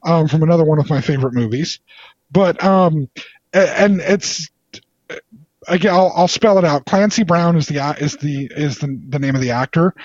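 A man's voice: on the high side, moderate pace, darkish tone, no room sound. A man chatting casually about movies, enthusiastic and rambling, with playful teasing. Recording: slightly dull lo-fi sound.

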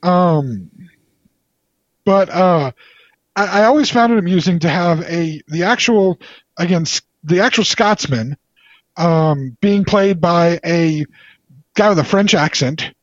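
This man has a high, expressive voice and speaks slowly, leaving long pauses. He's chatting casually and enthusiastically about movies, wandering off topic and teasing playfully. The slightly dull lo-fi recording has no room sound.

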